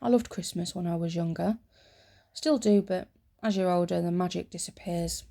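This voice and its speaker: A woman talking softly and rambling through stories in a soft-spoken ASMR chat, close to the mic. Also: fairly low pitch, normal speed, creaky. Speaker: ASMR creator.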